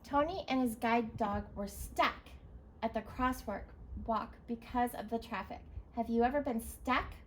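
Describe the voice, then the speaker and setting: Woman teacher, slow and patient, slightly high voice, faint hiss behind. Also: rough recording. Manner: slow, encouraging, spells words letter by letter. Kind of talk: recorded reading lesson for young children.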